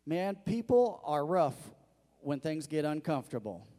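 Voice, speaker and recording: A male pastor delivers his sermon in a somewhat high voice. He keeps asking the congregation rhetorical questions and calls for their answers. His voice rings out with the long reverb of a church hall. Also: big pitch swings, measured pace, dark tone.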